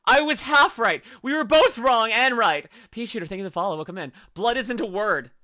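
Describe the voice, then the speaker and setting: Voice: mid-range voice, very animated, pushed and bright, dry recording, studio quality. A streamer rambling goofily and riffing while reacting to videos in casual live chat. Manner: goofy, rambling, quick to laugh and riff.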